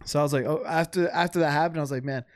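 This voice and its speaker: A young man chatting on a podcast, his voice sitting a bit higher than most men's. He talks loosely and profanely, stacking up "like" and restarts. The sound is dry and close, with no room around it. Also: steady tone, rapid-fire, dry recording. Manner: loose, profane, filler-heavy. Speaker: podcast co-host. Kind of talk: casual chat. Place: home.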